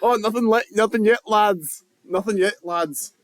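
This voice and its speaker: A man's voice: sits high, normal speed, close to an everyday voice. A man putting on a cheeky Liverpool lad. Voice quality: nasal. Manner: cheeky, calls everyone lads and mates. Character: young male British intern from Liverpool, cheeky. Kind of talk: comedic put-on voice in podcast chat.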